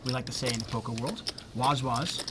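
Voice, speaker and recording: A man's voice: mid-range voice, fairly quick. A man giving play-by-play poker commentary, chatty and joking with his co-host. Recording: noticeable background noise.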